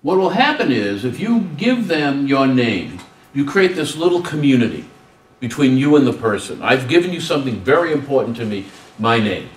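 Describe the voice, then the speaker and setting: A man presents a staff workshop with a lively, swooping voice and plenty of humor. He keeps acting out short exchanges. The sound is roomy and picked up from a distance. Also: medium pitch, normal speed, slight background noise. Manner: animated, acts out dialogues with humor. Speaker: guest speaker on student service. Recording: roomy hall, distant mic.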